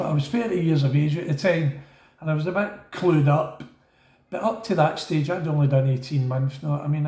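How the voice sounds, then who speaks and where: A middle-aged man with a Glaswegian accent telling a casual, rambling story and acting out the voices of other people. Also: on the high side. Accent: Scottish, Glaswegian. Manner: rambling, animated, acts out quoted voices. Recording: echoey room.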